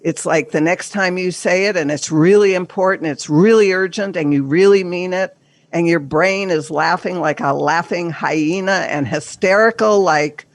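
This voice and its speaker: Her voice is lowish and her speed normal, captured in a dry recording. She's an older woman guesting on a podcast, a therapist and coach whose delivery is earnest and emphatic, occasionally slipping into quoted inner voices.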